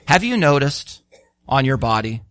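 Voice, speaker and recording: A man preaching a sermon, animated and full of rhetorical questions, acting out the voices he quotes. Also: mid-range voice, unhurried, no echo, clean studio sound.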